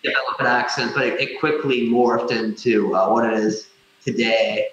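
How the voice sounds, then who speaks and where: A man's voice: mid-range voice, little pitch movement, fairly bright tone, lo-fi sound, a little hiss or hum. Hesitant man in a very echoey room. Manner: hesitant, fills pauses with frequent uh. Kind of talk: casual chat.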